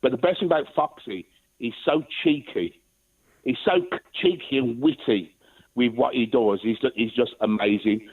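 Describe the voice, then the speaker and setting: A man's voice: medium pitch, normal speed, slightly rough. A man calling in to a radio show, chatting cheekily and rambling, swearing now and then. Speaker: caller. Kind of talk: casual phone-in chat. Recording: muffled distant phone line.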